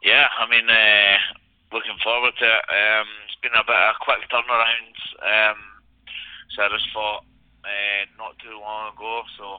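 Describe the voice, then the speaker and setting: Scottish male fighter, laid-back, filler-heavy, slightly low voice over a dry telephone line. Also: normal speed, clear, resonant tone, no echo. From Scotland. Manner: relaxed, many filler ums. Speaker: professional fighter. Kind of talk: casual interview answers. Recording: tinny phone line.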